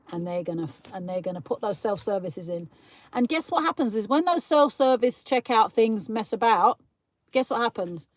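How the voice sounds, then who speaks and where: A woman's voice: a little high, a little mellow. A British woman hosting a casual live stream, chatting and ranting as she answers viewer comments. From Britain. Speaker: livestream host.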